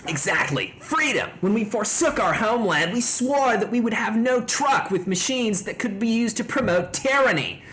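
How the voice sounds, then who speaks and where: Streamer man putting on a mellow surfer-dude engineer chief, drawling, lively ups and downs, for a game read-through. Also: sits high, moderate pace, hardly any pauses, a little hiss or hum, voice pushed up. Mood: laid-back. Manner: mellow, says dude a lot. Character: laid-back surfer-dude engineer chief, male, middle-aged. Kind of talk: reading game dialogue aloud on a stream.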